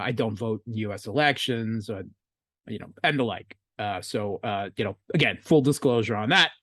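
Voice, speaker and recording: A middle-aged American man answering interview questions from home, halting with many fillers and restarts, his tone often sardonic. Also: on the low side, fairly bright tone, no room sound, studio quality. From United States. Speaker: podcast guest, analyst. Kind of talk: casual interview talk.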